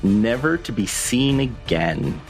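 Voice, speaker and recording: A man running a tabletop game podcast as game master, teasing his players and narrating scenes in a slow, drawn-out way. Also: medium pitch, big pitch swings, soft background music.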